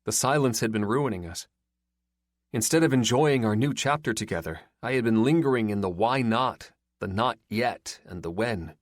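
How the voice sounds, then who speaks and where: Low-voiced man narrating an audiobook. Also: expressive, normal speed, dry recording, clean studio sound. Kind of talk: first-person scripted narration.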